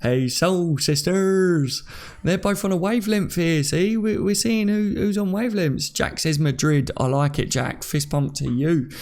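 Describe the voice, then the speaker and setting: A man's voice: on the high side, moderate pace, few pauses, darkish tone. A young man hosting a casual live stream, reading viewer comments aloud and laughing often.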